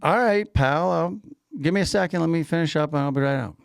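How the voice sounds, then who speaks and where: A woman's voice: low-pitched, brisk, vocal fry, dry recording, studio quality, voice pushed up. A man quoting a curt, dismissive deli worker woman in his own voice. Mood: brusque.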